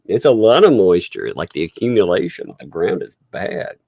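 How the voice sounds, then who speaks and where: A man hosting a livestream in casual commentary, mocking and laughing as he talks. His low voice swings widely up and down. The sound is dry and close. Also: wildly swooping pitch, moderate pace, gravelly, mellow, dry recording. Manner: mocking, laughing often, swearing. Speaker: livestream host.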